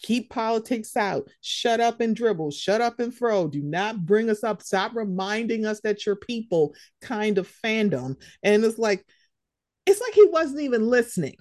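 A woman's voice: on the high side, lively intonation, normal speed, darkish tone, no echo, clean studio sound. A woman co-hosting a casual sports chat podcast, blunt and profane, often mimicking the people she talks about. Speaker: podcast co-host.

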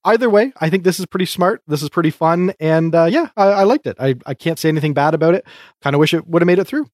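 A man's voice: on the high side, lively intonation, fast talker, no room sound, clean studio sound. A man co-hosting a casual podcast, reviewing comedy sketches in a chatty, hesitant way with frequent restarts.

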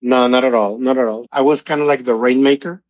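A man's voice: medium pitch, steady tone, fairly quick, dry recording. A middle-aged man, earnestly telling his personal testimony as an interview guest. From Mexico. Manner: earnest, emotional storytelling. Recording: dull lo-fi audio.

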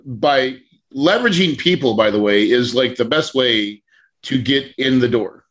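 A man coaching a class on real estate deals, telling a story with lively acted-out quotes. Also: medium pitch, unhurried. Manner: animated storyteller, acts out quotes.

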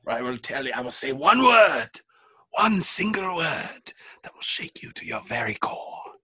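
A man on a podcast mimicking a pompous, melodramatic male captain in a high, hushed, theatrical voice. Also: very animated, measured pace, breathy edge, exaggerated voice. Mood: ominous. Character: pompous male time-ship captain, drama queen.

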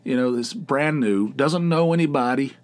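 A man's voice: medium pitch, moderate pace. A middle-aged man hosting his own podcast, chatting casually in a rambling, wry way and swearing freely. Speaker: podcast host. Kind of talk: casual solo podcast chat.

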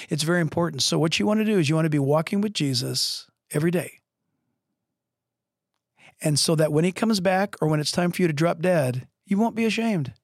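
A middle-aged man preaching a podcast sermon as pastor, telling stories with lively acted-out voices. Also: fairly high pitch, no echo, studio quality. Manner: animated, acts out voices in stories. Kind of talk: sermon storytelling. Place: podcast studio.

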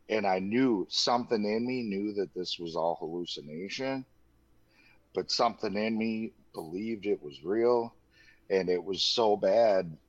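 A man's voice: low-pitched, a little mellow, no room sound. A man in his thirties telling his own story in a loose, candid way, full of "like" and "dude". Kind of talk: casual personal storytelling. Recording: dull lo-fi dry recording.

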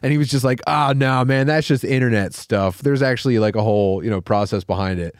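A man co-hosting a podcast, telling lively anecdotes close to the mic and teasing his co-host. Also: mid-range voice, no echo. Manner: animated anecdotes, quick laughs, teasing. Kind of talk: casual comedic chat.

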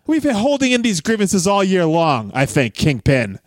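A man hosting a casual wrestling podcast, chatty and quick to laugh. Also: high-pitched, big pitch swings, no room sound. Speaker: podcast host.

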